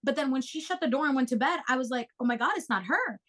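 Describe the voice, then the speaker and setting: A young woman co-host telling a story in casual chat, animated and swearing freely as she acts out quotes. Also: sits high, fast.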